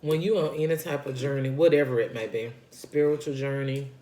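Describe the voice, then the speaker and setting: Chatting casually while eating on camera, a woman vlogger talks about her weight-loss journey in a very deep, dark, steady voice at a fairly quick pace. She's folksy and talkative, speaking between bites and circling back to repeat her points. The room sounds echoey.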